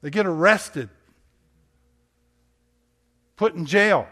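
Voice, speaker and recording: A man's voice: high voice, animated, drawn-out words, a bit bright. A man, a pastor, preaching a sermon in a conversational storytelling way, asking rhetorical questions.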